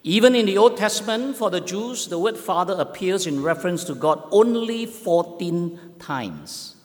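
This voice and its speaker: A man preaching a sermon as pastor, slow and emphatic, with long pauses. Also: high-pitched, lively intonation, in a large hall.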